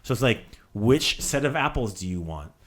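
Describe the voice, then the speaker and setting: A man's voice: medium pitch, very animated, normal speed. A man hosting a casual language lesson, drilling words with playful asides. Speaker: language teacher.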